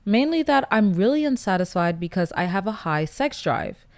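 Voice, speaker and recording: A woman hosting a casual podcast, blunt and profane, getting animated with loud laughing outbursts. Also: mid-range voice, normal speed. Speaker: podcast host. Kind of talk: casual podcast chat, reading listener stories.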